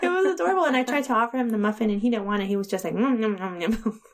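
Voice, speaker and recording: A woman's voice: a little high, lively intonation, rapid-fire. Giggly woman podcast co-host. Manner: giggly, prone to laughing fits; acts out quoted voices. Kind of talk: casual chat.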